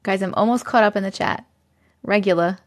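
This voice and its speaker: A woman's voice: medium pitch, fairly even intonation, fast talker. A woman hosting a livestream from her basement on a regular microphone, chatting casually, laughing often and thanking viewers as she reads their comments aloud. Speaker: livestream host. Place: home basement.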